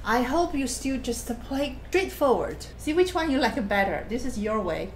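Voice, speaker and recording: A woman's voice: sits high, lively intonation, moderate pace. A woman giving patient masterclass feedback as a piano teacher, explaining plainly and counting or humming passages aloud. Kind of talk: masterclass feedback on a recorded performance. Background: piano playing.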